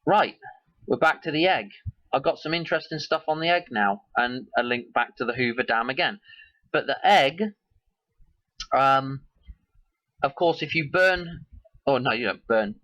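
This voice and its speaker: A man hosts his own video, musing casually and rambling as he loosely links one idea to the next. His voice is mid-range, his pace measured, and he pauses often. The recording is muffled but has no echo.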